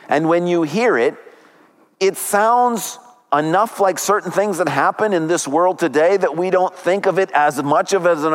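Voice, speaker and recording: A man's voice: on the high side, long reverb tail. A man preaching a sermon as pastor, retelling a story dramatically with big swings up and down.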